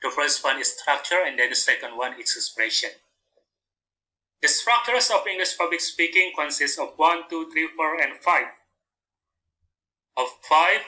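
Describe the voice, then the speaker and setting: A man's voice: fairly high pitch, sharp tone, rough recording. A man with an Indonesian accent teaching a lesson from slides, linking each point with "and then" and reading out examples. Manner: repeats "and then" between points, reads out examples.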